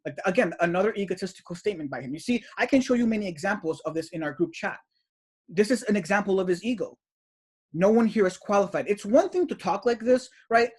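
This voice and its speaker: A man's voice: high-pitched, animated, quick pace, breathy edge. A man reads out chat messages and comments on them in an indignant, repetitive way. He leans on "you know" and "right?" as he goes. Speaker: teacher of an esoteric study group.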